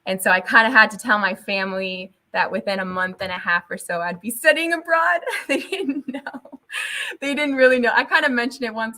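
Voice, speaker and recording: A young adult woman, a teacher, chatting as an interview guest, telling animated stories with laughs and stretches of Spanish. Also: on the high side, a little fast. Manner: animated storytelling, laughs often, switches into Spanish. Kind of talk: casual interview chat.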